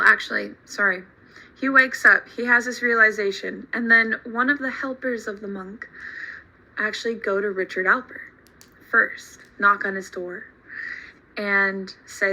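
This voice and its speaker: A woman teacher telling a story to her class in an animated, emphatic way. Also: mid-range voice, a little slow, low-quality recording. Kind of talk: storytelling lesson.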